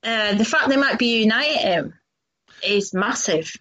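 On dull lo-fi audio, a radio co-host speaks in a fairly high, bright, forceful voice, animated yet at a measured pace. She rambles casually with lots of fillers during a chatty talk-show interview.

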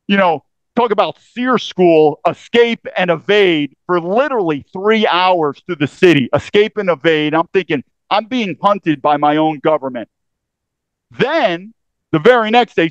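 A military veteran man recounts his experience with urgent, emphatic delivery, often cutting himself off and starting again. His voice sits high for a man. The recording is dry and slightly dull, close with no room sound. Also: clean tone, no echo. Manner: intense, emphatic, self-interrupting. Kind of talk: first-person storytelling.

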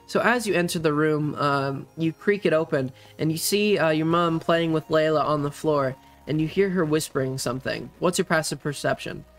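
A man narrating as the game master of a tabletop role-play game, speaking in a relaxed, hesitant way with many fillers. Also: a little high, normal speed, hardly any pauses, soft background music.

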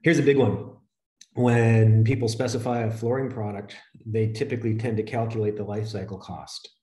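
A man presenting a webinar, walking through slides in a steady, conversational, explanatory way. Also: on the low side, moderate pace, reverberant.

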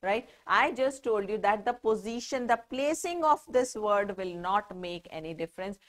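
A woman's voice: mid-range voice, expressive, normal speed. Patient Indian English teacher woman. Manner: explains patiently, asks the children questions and answers them herself. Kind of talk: classroom lesson.

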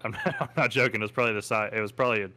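A man's voice: on the low side, rapid-fire, sharp tone, no echo. A young man from Texas co-hosting a casual podcast, easygoing and jokey. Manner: easygoing, jokey, laughs often. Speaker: podcast co-host. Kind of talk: casual chat.

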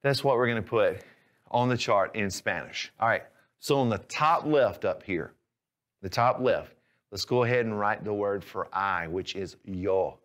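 Male language tutor. Patient, methodical explainer with a somewhat low voice. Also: normal speed, fairly bright tone. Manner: patient, clear, step-by-step explaining. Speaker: language teacher. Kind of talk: instructional lesson.

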